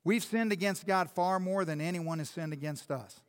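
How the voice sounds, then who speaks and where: A man's voice: sits high, moderate pace, smooth, big-room sound. A man preaching a sermon as pastor, speaking directly and with passion to the congregation.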